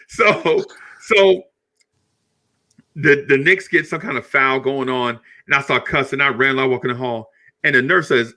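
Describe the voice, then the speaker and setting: A middle-aged man hosting a podcast with a very bright, forward voice. He tells stories in an animated, chatty way. He laughs often and repeats words as he goes. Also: mid-range voice, a little slow. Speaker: podcast host. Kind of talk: casual storytelling chat.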